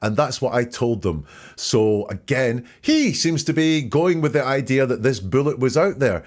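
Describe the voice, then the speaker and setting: A man hosting a podcast who speaks in a measured, methodical way, quoting and dissecting words one by one. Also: medium pitch, animated. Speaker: podcast host. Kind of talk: analytical commentary.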